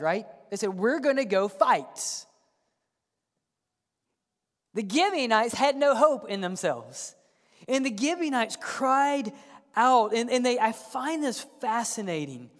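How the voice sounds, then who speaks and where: A male pastor delivers a sermon in a church, swinging between loud emphatic calls and hushed near-whispers. He repeats words as he presses each point home. His voice rings through a long, echoing church hall. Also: high voice.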